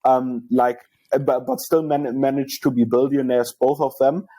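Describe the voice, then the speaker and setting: Podcast host guy, warm mellow voice, lots of stammers n fillers. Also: mid-range voice, flat delivery, normal speed. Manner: hesitant, stammering restarts, filler words. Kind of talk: casual podcast chat.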